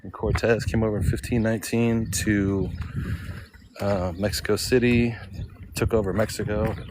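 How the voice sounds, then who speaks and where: Low-voiced man musing aloud outdoors. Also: fairly even intonation, moderate pace, noisy background. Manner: rambling, thinking aloud, asks himself questions. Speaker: vlogger. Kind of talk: casual walking vlog. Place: outdoor cemetery in full sun.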